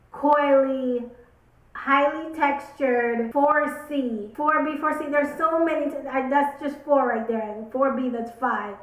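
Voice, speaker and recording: A young woman in her twenties, a beauty vlogger, speaking emphatically and opinionated to camera, repeating words for stress. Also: on the high side. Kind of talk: casual talk to camera. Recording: roomy echo.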